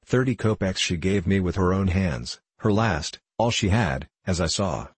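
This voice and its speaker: A man's voice: sits low, lively intonation, moderate pace, husky, no echo. A man voicing a drunken, self-pitying middle-aged former clerk in an audiobook, rambling and pleading, rising to fervent declaiming. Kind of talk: audiobook character reading.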